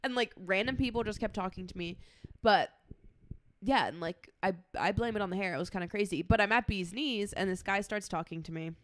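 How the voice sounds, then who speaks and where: A woman's voice: medium pitch, fairly quick. A woman co-hosting a casual podcast, telling stories with lots of "like" and acting out what people said. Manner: storytelling with lots of "like" and acted-out quotes. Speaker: podcast co-host. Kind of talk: casual chat.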